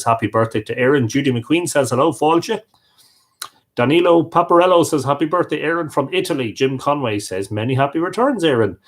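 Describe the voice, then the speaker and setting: A man hosting a livestream, reading out viewers' comments and greeting each one by name. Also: mid-range voice. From Ireland. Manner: friendly, reads out viewer comments and answers them. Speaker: livestream host. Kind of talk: reading live chat greetings.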